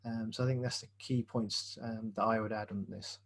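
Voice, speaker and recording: A man on a Q&A panel, a missionary, answering in a measured casual way with frequent fillers. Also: lowish voice, steady tone.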